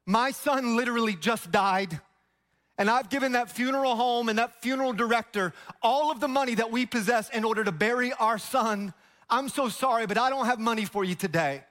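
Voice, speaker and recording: Pastor guy doing a crying broke mom, apologetic, high voice. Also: a little fast, fairly bright tone, long reverb tail. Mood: grieving. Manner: tearful, apologetic. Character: grieving mother, penniless.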